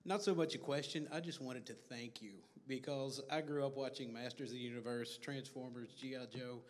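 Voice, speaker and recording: Earnest middle-aged fan in an echoey hall. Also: male voice, mid-range voice, fairly even intonation, fairly quick. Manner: earnest and grateful. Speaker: fan asking at the panel. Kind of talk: audience Q&A thanks. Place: convention panel room.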